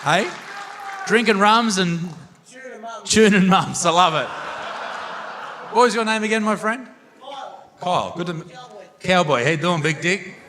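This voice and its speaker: A man's voice: high-pitched, expressive, measured pace, pauses often, bright, forceful tone. A young Australian man doing stand-up comedy, bantering crudely with the audience on a theatre stage into a handheld mic. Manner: brash, crude banter with the crowd. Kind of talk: stand-up crowd work. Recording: live hall reverb with audience noise.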